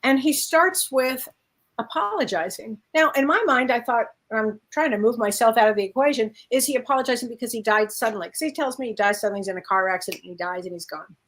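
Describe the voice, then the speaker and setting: Woman co-host, medium, chatty storyteller, slightly high voice. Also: fast, a bit bright. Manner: anecdotal storyteller, frequent fillers. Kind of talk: casual chat.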